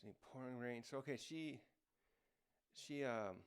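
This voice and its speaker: A manga review host rambles through a casual, improvised recap, full of fillers and restarts. His mid-range voice is smooth and unhurried, at a measured pace.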